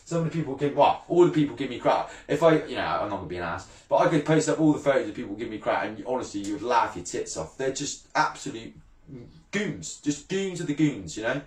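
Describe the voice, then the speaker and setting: A man's voice: mid-range voice, sing-song, fast talker. Brash man ranting, roomy echo. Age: 30s. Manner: brash, blunt, swears freely, laughs often. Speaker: fishing channel vlogger. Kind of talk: casual ranting vlog.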